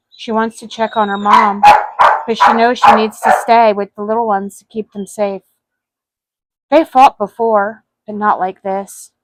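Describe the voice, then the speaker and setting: A woman reading her own short story aloud in a soft, earnest manner. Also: mid-range voice, a little hiss or hum, low-quality recording. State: voice cracking with emotion.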